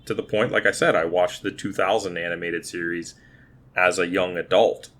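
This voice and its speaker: A man's voice: low voice, steady tone, moderate pace, a bit bright. A man in his thirties co-hosting a podcast, chatting casually and restarting his words as he thinks. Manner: talkative, repeats words while thinking. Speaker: podcast co-host. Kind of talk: casual movie review chat.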